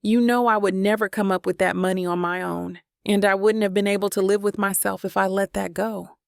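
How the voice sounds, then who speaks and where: A woman's voice: medium pitch, steady tone, fairly quick, gravelly, no echo, studio quality, close to an everyday voice. A woman reading the lines of a remorseful adult sister, shaky and pleading as she apologizes.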